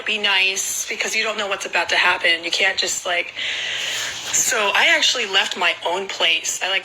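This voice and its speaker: A woman's voice: fairly low pitch, sharp tone, a little hiss or hum, rough recording. A young woman telling a personal story in a rambling, casual way, filling nearly every phrase with "like.". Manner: rambling, packed with filler "like".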